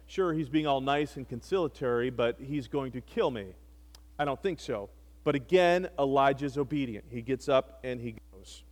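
A man preaching a sermon, retelling scripture with animated, wry storytelling asides. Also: medium pitch, normal speed. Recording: long hall reverb.

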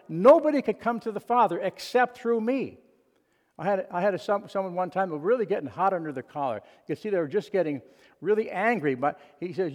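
A man's voice: high-pitched, expressive, fairly quick, in a large hall. A male pastor preaching a sermon, quoting scripture with emphatic, rising delivery and frequent restarts. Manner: emphatic, repeats and restarts words, quotes scripture dramatically.

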